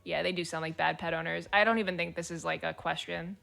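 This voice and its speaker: A woman's voice: on the low side, fairly even intonation, fast, vocal fry, a bit bright, faint music behind. A woman streamer chatting casually and reading forum posts aloud, blunt, swearing freely and laughing as she talks.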